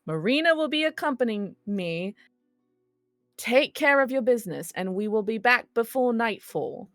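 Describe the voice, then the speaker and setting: A woman's voice: fairly high pitch, lively intonation, normal speed, a bit bright, no echo, studio quality, soft background music, pitched above the performer's own voice. A woman doing a curt, impatient heroine.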